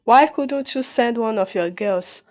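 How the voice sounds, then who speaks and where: A woman's voice: on the high side, unhurried, lo-fi sound, natural voice. A woman voicing a demanding middle-aged woman trader who complains and scolds. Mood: scolding.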